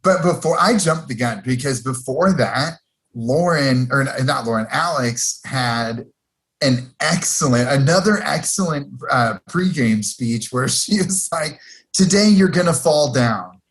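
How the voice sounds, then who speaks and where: Laughing, animated man on a podcast. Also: mid-range voice, measured pace. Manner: laughs often, animated retellings of scenes. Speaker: podcast co-host. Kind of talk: casual chat.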